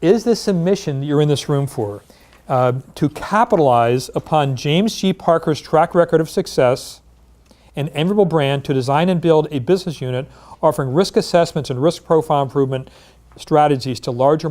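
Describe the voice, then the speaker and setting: A man leading a workshop for a room of professionals, throwing out rhetorical questions and weaving in personal stories. His voice is mellow and a touch high for a man, with an energetic drive. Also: moderate pace. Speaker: insurance industry trainer. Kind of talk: workshop presentation. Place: meeting room.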